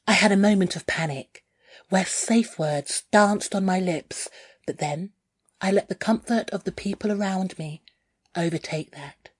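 A woman reading her own first-person memoir aloud in a candid, unhurried storytelling manner. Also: on the low side, a little mellow, breathy edge, dry recording. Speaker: narrator.

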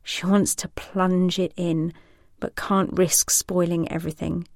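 A woman reads an adult story in a slow, sensual, measured voice. Her voice sits low. The recording is dry and intimate, with no room sound. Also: little pitch movement, vocal fry, a little mellow, dry recording. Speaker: narrator. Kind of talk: scripted erotic story narration.

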